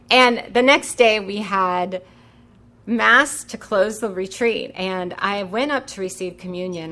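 Earnest young woman, bright and gravelly. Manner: earnest and emotional, with quick rises in pitch. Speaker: religious sister. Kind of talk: personal testimony.

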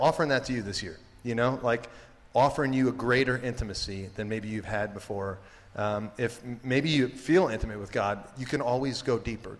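A man giving a casual, jokey faith talk to students as a campus ministry speaker, rambling with lots of "like" and "you know". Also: mid-range voice. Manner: rambling and jokey, heavy with 'like' and 'you know'. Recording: long hall reverb.

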